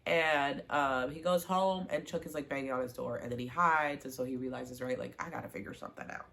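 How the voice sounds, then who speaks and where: This show recap vlogger has a bass voice with vocal fry and talks at a moderate pace. She recaps a TV season in a loose, lively way, performing characters' dialogue and raving over her favorite moments.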